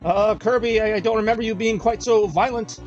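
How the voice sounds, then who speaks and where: A man's voice: sits high, fairly even intonation, fairly quick, dull audio, faint music behind, pitched above the performer's own voice, close to an everyday voice. A man putting on the voice of a scared young male gamer in a horror game, nervous and whimpering with exaggerated fright. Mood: mock-scared.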